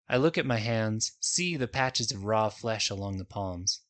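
A man's voice: fairly low pitch, expressive, a little slow, fairly bright tone. Man reading a first-person fantasy story. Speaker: audiobook narrator.

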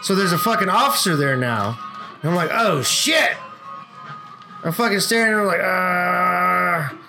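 A man's voice: high voice, normal speed, creaky, over music. A man co-hosting a casual podcast, telling a work story with lots of swearing and acted-out quotes. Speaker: podcast co-host.

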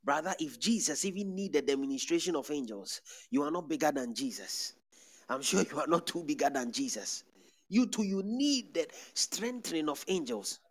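A man's voice: a little high, normal speed. A man preaching a sermon to a congregation, calling out and speaking in tongues between scripture. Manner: preaching with lively rising calls. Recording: music playing behind.

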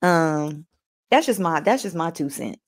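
A woman's voice: low voice, animated, unhurried. Chatty woman host saying y'all. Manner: chatty, folksy, addresses viewers as y'all, laughs often; reads aloud from a book between comments. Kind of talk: casual motivational talk to a live audience.

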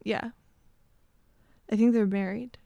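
A woman's voice: medium pitch, steady tone, takes it slowly, vocal fry, mellow, no echo, muffled recording. Giggly teasing woman, dry close sound. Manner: laughs easily, teasing, rambling. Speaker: podcast co-host. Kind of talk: casual chat.

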